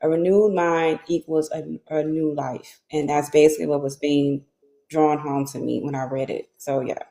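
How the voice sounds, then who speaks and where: A woman with a low, mellow voice speaks earnestly on an echoey call over a Bluetooth headset. She keeps checking in with the group as she explains her view. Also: fairly even intonation, moderate pace. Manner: earnest, asks "you know what I'm saying?". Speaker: member of a reading group.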